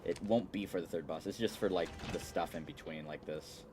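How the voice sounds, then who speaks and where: A man's voice: deep voice, a little fast. A man giving casual, chatty game commentary, explaining his strategy with playful asides. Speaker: gaming streamer. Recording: steady background noise.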